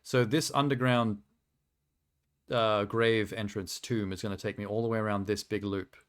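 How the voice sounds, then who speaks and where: A man's voice: fairly low pitch, steady tone, moderate pace. A man streaming a video game, chatting casually and rambling through asides with a self-deprecating humor. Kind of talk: casual live-stream commentary.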